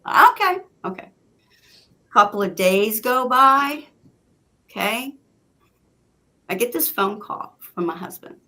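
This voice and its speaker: A woman's voice: a little high, slow pace, long pauses. A woman guest telling a personal story in casual chat, acting out what people said. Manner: animated, acts out quoted lines.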